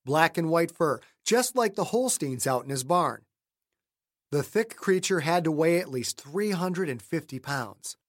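A man giving a scripted, measured narration of a horror audiobook. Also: on the high side, animated.

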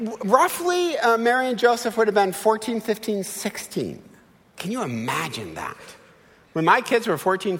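A man in his fifties preaching a sermon with animated, humorous storytelling. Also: sits high. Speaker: pastor. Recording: long hall reverb.

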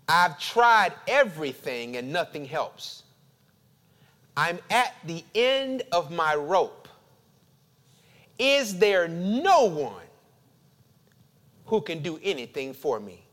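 A male pastor preaching a sermon, building emphatic repeated phrases and then dropping to quiet, confessional tones. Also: on the high side, big pitch swings, takes it slowly, pauses often. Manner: emphatic preaching with dramatic repetition.

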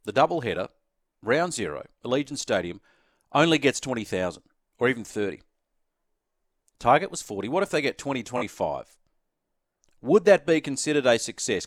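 A man's voice: mid-range voice, dry recording, clean studio sound. Emphatic Australian male radio sports host. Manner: emphatic, repeats key phrases for effect. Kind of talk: opinion editorial on talk radio.

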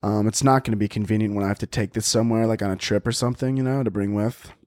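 A young man hosting a podcast, talking in a rambling, profane comedic monologue into a studio mic on a boom arm. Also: steady tone, fast talker, a little mellow, dry recording. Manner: rambling, profane, acts out stories in voices. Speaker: podcast host.

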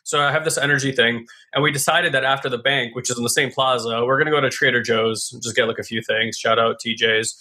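A man's voice: medium pitch, fairly even intonation, quick pace, hardly any pauses, bright, forceful tone. A man casually telling a reflective personal story with lots of fillers and restarts. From California.

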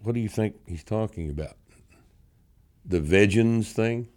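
A man's voice: lowish voice, measured pace, a little mellow. A male podcast host reading viewer comments aloud in casual chat, answering them with sarcastic, mocking remarks and crude jokes.

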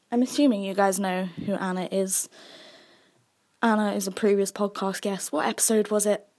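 A young woman hosting a solo podcast, chatty and self-mocking, dropping into soft asides. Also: medium pitch. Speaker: podcast host.

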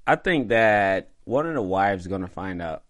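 A man's voice: deep voice, expressive, moderate pace, fairly bright tone. A man on a TV aftershow panel, chatting casually with short interjections. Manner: short interjections, laughs often. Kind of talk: casual chat.

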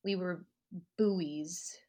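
A woman's voice: on the low side, very slow. A woman, an actor and writer, telling a personal story at home in an interview, acting out the voices of people she quotes. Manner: reflective, acts out quoted voices with lively rises. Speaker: podcast guest, actor and writer. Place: at home, living room.

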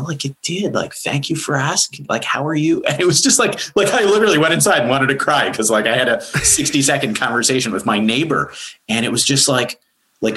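A man's voice: bright, forceful tone, breathy edge, poor audio. A man speaking as a therapist guest in a casual podcast conversation, earnest and rambling, with many fillers and voices for quoted people. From Canada. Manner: rambling, earnest, many fillers, high-pitched when quoting.

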